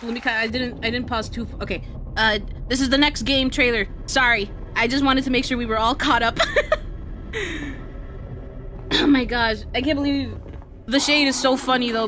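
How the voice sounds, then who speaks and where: A woman streamer giving live reaction commentary, excitable and laughing often, her voice sounding strained. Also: fairly high pitch.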